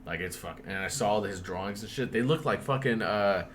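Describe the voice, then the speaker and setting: A man's voice: fairly low pitch, fairly quick, a bit bright, a little hiss or hum. A young man casually telling a spooky story on a podcast, swearing often and breaking into laughs.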